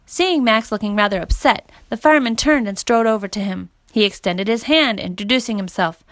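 A woman reading a children's story aloud as narrator, in a steady, clear manner. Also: on the high side, brisk, no echo.

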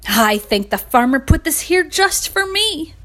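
A woman voicing a vain, bossy male rooster in a storybook, loud and commanding. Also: high-pitched, sing-song, a little slow, pitched above the performer's own voice, full character voice.

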